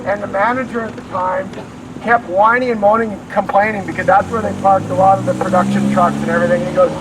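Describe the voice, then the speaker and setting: A man's voice: high-pitched, steady tone, quick pace, far from the mic, noisy background. A middle-aged man leading a walking tour outdoors, telling anecdotes in a rambling way with many fillers and restarts. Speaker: tour guide. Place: outdoors on a town street.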